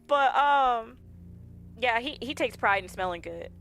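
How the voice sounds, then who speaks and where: With faint game music in the background, a woman streams a game and tells stories in casual chat, laughing often and performing the dialogue of others. She speaks a little slowly, her higher voice animated and a bit bright.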